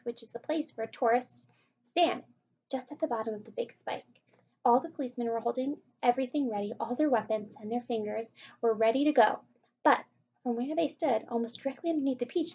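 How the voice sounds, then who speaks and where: Woman, storybook read-aloud, high voice, unhurried, muffled lo-fi sound. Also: a little mellow, slight background noise. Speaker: reader. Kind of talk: reading a children's book aloud. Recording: muffled lo-fi recording.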